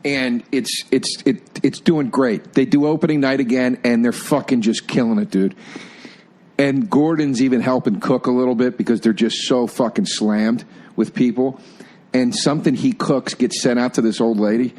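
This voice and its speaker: A man's voice: mid-range voice, moderate pace, darkish tone. A man co-hosting a podcast, swapping stories in eager, profane casual chat. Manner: eager, swearing, says dude a lot.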